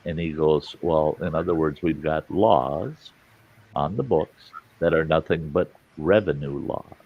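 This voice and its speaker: A man telling a story in casual chat, animated, cursing casually. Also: very deep voice, a little slow, husky, phone-quality sound.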